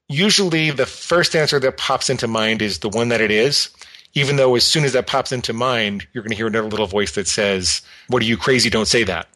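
A man guest calmly explaining an exercise step by step, sometimes acting out a tempting inner voice. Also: medium pitch. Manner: calm, explanatory, acts out an inner voice. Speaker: guest expert. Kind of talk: instructional talk.

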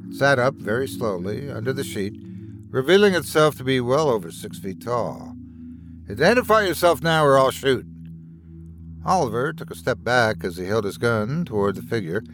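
A man's voice: mid-range voice, lively intonation, moderate pace, fairly bright tone. A man, host of a horror story podcast, giving dramatic scripted narration. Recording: music bed underneath.

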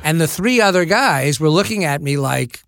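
A man in his seventies, an actor being interviewed, telling lively stories with halting restarts and asides. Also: fairly high pitch, gravelly, no echo, clean studio sound. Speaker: actor guest. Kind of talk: anecdotal interview storytelling.

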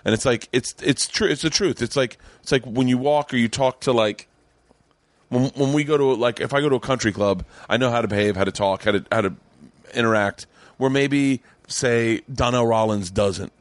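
A man's voice: mid-range voice, normal speed, no room sound. Rambling earnest male podcast host. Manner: rambling, many restarts, earnest. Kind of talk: casual chat. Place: home studio.

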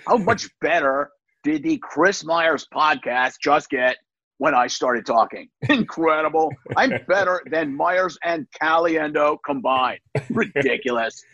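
Brief: husky, lively man in casual interview, dry dull lo-fi sound. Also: a little high, unhurried, no room sound. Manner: animated, jumps into voices. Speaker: comedian guest.

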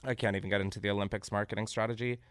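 A man hosting a comedic podcast, reacting loudly to what he reads, swearing freely and laughing often. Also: lowish voice, flat delivery, very fast, smooth, dry recording, clean studio sound. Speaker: podcast host.

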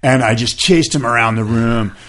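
This man, in his fifties, speaks at normal speed in a medium-pitched, slightly bright voice. As a podcast guest in a casual storytelling interview, he tells a long, rambling, filler-filled story, acting out others' words.

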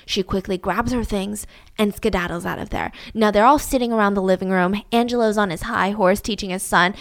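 A woman telling a story in a casual, animated way with wry asides. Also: mid-range voice, a little fast.

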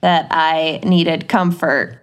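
A woman's voice: low voice, steady tone, slow pace, clear, resonant tone. A young woman with a Minnesotan accent, co-hosting a podcast in giggly, tipsy banter. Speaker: podcast co-host. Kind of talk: casual chat.

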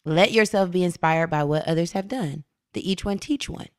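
Lively slangy woman with a lower voice. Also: moderate pace, no room sound, studio quality. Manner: animated storyteller, slangy and laughing. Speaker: podcast co-host. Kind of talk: casual spiritual self-help chat.

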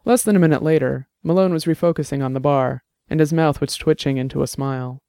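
Smooth-voiced man narrating a story. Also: on the high side, fast talker, mellow, no room sound, clean studio sound. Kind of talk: scripted audiobook narration.

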